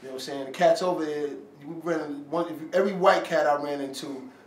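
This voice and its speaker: A man's voice: on the high side, fast talker. Swearing storyteller man in an echoey room. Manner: animated storytelling with slang and swearing, acting out quotes. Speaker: rapper telling a story after an interview. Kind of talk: casual storytelling. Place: room, filmed by handheld camera. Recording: echoey room, from a distance, faint ambient noise.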